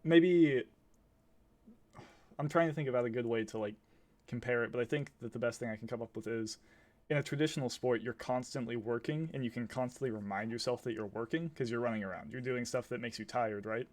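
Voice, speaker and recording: Young male podcast co-host, lively explainer, ordinary mid pitch. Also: a little fast. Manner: animated, laughs while explaining. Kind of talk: casual chat.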